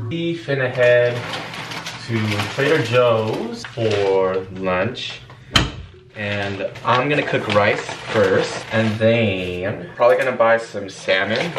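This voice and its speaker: A young man, talking casually and slangily as a vlogger while he shops and cooks. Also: fairly low pitch. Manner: laid-back slangy talk. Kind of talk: casual vlog chat. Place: home kitchen and grocery store. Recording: lo-fi music playing under voice.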